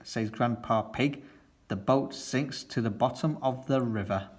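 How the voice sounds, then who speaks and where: A man reads a children's picture book aloud, gentle and friendly toward young listeners. His voice sits at an ordinary pitch, steady storytelling. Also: measured pace.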